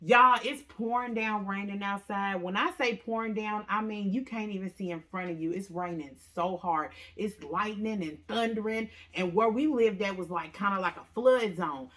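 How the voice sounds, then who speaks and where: A woman's voice: normal speed, few pauses. A woman casually telling a story to viewers, often calling them "y'all" and acting out what people said with big jumps in her voice. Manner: animated, acts out quotes with big pitch jumps; talks straight to viewers, says "y'all" often.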